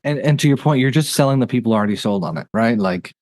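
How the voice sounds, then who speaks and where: A man hosting a podcast, chatting casually in a review and rattling off facts in quick bursts. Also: medium pitch, expressive, a little mellow. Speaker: podcast host.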